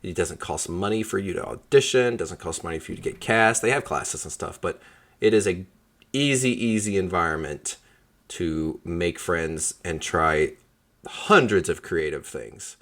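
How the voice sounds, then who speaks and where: A man's voice: low-pitched, measured pace, fairly bright tone. A man hosting a podcast interview, talking casually with jokes and lots of fillers. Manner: rambling, joking, many fillers. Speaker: podcast host.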